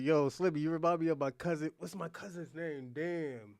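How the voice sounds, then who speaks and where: A man's voice: a little high, moderate pace, few pauses, darkish tone, no echo. A man streaming his reaction to a talk show, laughing often and talking bluntly and crudely. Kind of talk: casual reaction commentary.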